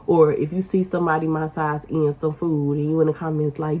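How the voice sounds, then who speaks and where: Woman, casual vlog rant, mellow dark tone, husky, blunt and cussing. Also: deep voice, level tone, brisk. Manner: blunt and profane, with loud emphatic outbursts. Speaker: vlogger.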